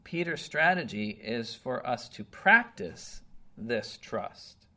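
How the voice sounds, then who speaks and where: A man's voice: medium pitch, expressive, slow, creaky, bright, forceful tone. A man preaching a conversational sermon, earnest and emphatic, often checking in with "okay?" and "right?". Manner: earnest, emphatic, with some restarts.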